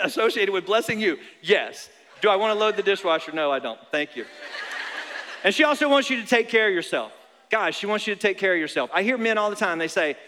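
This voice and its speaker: A young adult man preaching a sermon to a congregation. He is animated and joking, and he repeats phrases for emphasis. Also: high-pitched. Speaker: pastor. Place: large church auditorium. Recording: long hall reverb.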